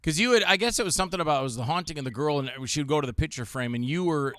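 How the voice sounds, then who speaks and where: Lively bright-voiced male show host. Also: fairly high pitch, rapid-fire, dry recording, studio quality. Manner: animated storyteller, acts out quotes of others. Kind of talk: casual chat with jokey impressions.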